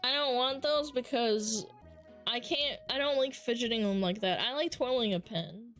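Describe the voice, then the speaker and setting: Vtuber girl on headset, kinda high voice, animated, swears a lot, faint music behind. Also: normal speed. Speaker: VTuber streamer. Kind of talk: casual stream chat.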